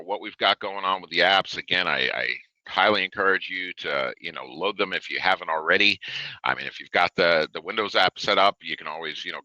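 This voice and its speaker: A low-pitched man talks through a product webinar in an easygoing, chatty way, full of "uh" and "you know." His voice is bright and forward, and the sound is dry and close with no room echo. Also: lo-fi sound. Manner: loose and conversational, many fillers. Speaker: webinar presenter. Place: home or office desk, reading a live chat.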